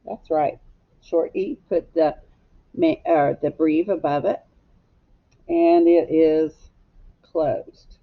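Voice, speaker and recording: Woman, phonics teacher, slow careful pace, gravelly low voice, patient, dull lo-fi sound. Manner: slow, patient, asks children to echo her words. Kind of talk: phonics lesson for young children. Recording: slightly dull lo-fi recording.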